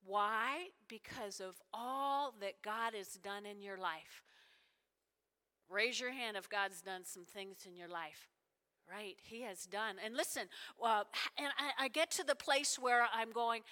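Bright-voiced woman preaching in a hall. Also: mid-range voice, slow pace. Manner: animated, conversational, asks the congregation questions. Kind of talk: sermon. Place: church sanctuary. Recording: long reverb of a large hall.

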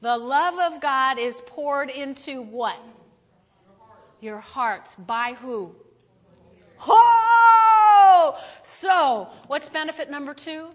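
A middle-aged woman pastor giving a chatty, animated sermon that swings up to loud exclamations. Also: high-pitched, slow, long reverb tail.

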